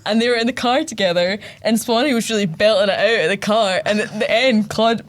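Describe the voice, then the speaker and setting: A Scottish woman co-hosting a podcast, telling stories in a giggly, expressive way. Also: mid-range voice, fairly quick. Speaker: podcast co-host. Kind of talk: casual chat.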